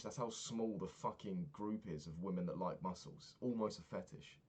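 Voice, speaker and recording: A man's voice: low voice, normal speed, a little mellow, slightly rough. A man in his twenties recapping a trip in a rambling, sweary, casual monologue, often laughing at his own stories. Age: 20s. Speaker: vlogger.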